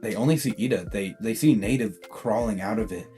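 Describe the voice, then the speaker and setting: A man's voice: fairly low pitch, a little fast, mellow, soft background music. A young man casually narrating a fan what-if story, rambling and laughing as he goes. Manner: rambling, laughs often, self-correcting.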